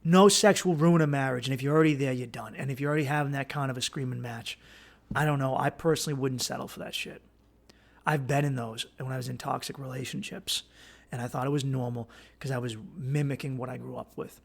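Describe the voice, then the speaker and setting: A man's voice: medium pitch, steady tone, fast talker, gravelly. A man hosting a podcast, giving blunt, profane, rambling advice with many restarts. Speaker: podcast host. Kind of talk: casual advice monologue.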